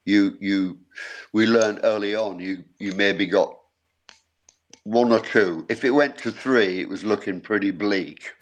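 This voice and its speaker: A man's voice: lowish voice, unhurried, low-quality recording. An older man, a musician guest in a casual interview, telling rambling anecdotes with repeated words and frequent laughs.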